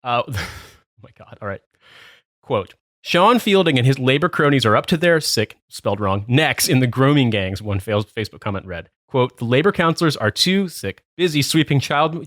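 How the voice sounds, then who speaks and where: Man, podcast host, fast reader, sardonic asides, dry close sound. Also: medium pitch, expressive, a bit bright, no room sound. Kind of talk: casual chat, reading a news article aloud.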